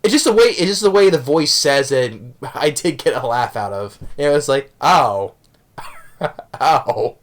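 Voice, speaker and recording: A man's voice: fairly high pitch, animated, brisk, few pauses. A man casually reviewing a movie, rambling with many restarts and self-corrections, chuckling as he recounts the jokes.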